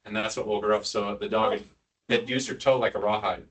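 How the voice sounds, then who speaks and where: A man's voice: lowish voice, steady tone, a little fast. Joking male surgeon lecturing from across a room. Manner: casual, quizzing the room, frequent asides. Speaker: neurosurgery lecturer. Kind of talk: joking live lecture to nurses. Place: hospital lecture room with an audience. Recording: distant mic, audience murmur.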